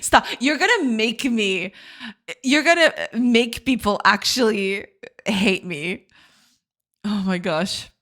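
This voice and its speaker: A woman's voice: mid-range voice, slow, a bit bright. A woman streaming her game development, chatting casually with her viewers, giggly and reading chat aloud.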